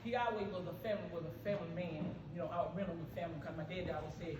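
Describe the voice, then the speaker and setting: A man's voice: fairly high pitch, steady tone, rapid-fire. An older man giving a folksy tribute speech at a family birthday, laughing as he tells stories about his family. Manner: folksy, laughing, talks back to the crowd. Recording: echoey, distant, loud crowd and noise.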